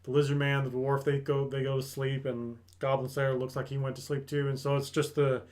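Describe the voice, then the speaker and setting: Brisk and mid-range, a man's voice recaps an anime episode for his review show. His storytelling is casual yet animated, with quick impressions of the characters' dialogue.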